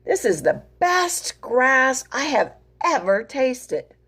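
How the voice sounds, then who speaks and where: A woman voicing a grumpy, uncaring goat in a picture book read-aloud, gruff and scoffing. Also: high voice, big pitch swings, slow pace, a bit bright, full character voice. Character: grumpy, uncaring male goat munching grass.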